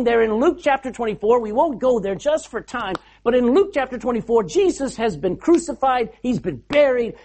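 A preacher delivering a sermon, the voice rising and falling with a very lively, expressive pitch. The delivery is casual and storytelling, with frequent rhetorical questions to the listeners. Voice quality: animated storyteller, asks the congregation rhetorical questions.

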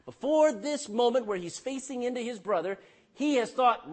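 A pastor preaching a sermon, calling out for amens and dropping between loud bursts and hushed lines. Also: male voice, very high-pitched, expressive, moderate pace. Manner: calls for amen from the congregation.

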